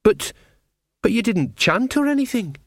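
A man's voice: sits high, lively intonation, a little slow, no room sound, clean studio sound, pitched above the performer's own voice. A man voicing an earnest, nervous young woman witch in an audiobook, talking hesitantly and stammering.

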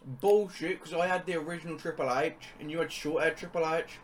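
A man's voice: a little high, fairly even intonation, brisk. A young man from England, a guest on a casual podcast, talking bluntly and teasing his friend. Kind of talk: casual chat.

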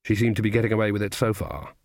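A man narrating an audiobook in measured storytelling. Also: fairly low pitch, little pitch movement, no room sound, studio quality. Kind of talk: scripted narration.

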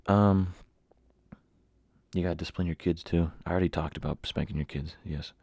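A young man hosting a podcast, telling a rambling story in a casual, animated way with mocking asides. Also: low-pitched, brisk, gravelly, husky, no echo. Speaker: podcast host.

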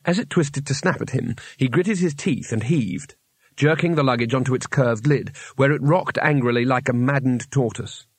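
A man narrating a fantasy novel audiobook in an even storytelling manner. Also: medium pitch, normal speed, husky, no echo. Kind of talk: scripted narration.

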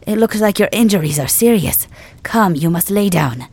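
A woman's voice: medium pitch, lively intonation, normal speed, darkish tone. A woman voicing a kindly, fussy old male village healer in an ASMR role-play, polite and urgent as he tends his king. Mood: fussing.

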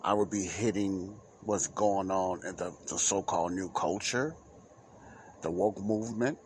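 Slow, deep-voiced man hosting a Christian podcast. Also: darkish tone, slight background noise. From United States. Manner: rambling, repetitive, informal preacherly delivery. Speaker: podcast host. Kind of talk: Christian talk podcast monologue. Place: Chicago area.

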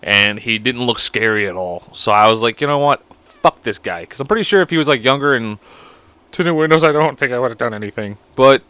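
A man's voice: medium pitch, lively intonation, brisk, sharp tone, smooth, no echo. A man hosting a podcast alone, rambling in a crude, profane, self-mocking way. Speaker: podcast host. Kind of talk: casual solo podcast chat.

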